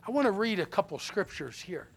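A male pastor preaching in a church sanctuary, telling a story with lively animation, then settling into quiet, earnest teaching. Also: high voice, a little fast, vocal fry, a little hiss or hum. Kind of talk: sermon with storytelling.

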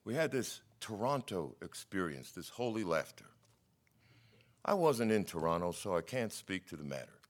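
A middle-aged man preaching a sermon, telling stories in a wry, skeptical, animated way. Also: deep voice, normal speed.

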